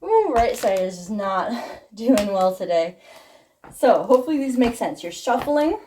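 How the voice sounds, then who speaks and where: A woman's voice: medium pitch, sing-song, unhurried, very noisy. A woman tap dance teacher talking through steps and counting them aloud in a friendly, encouraging way, a bit out of breath. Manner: friendly, encouraging, laughs at her own slips. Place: dance studio. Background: tap shoe clicks.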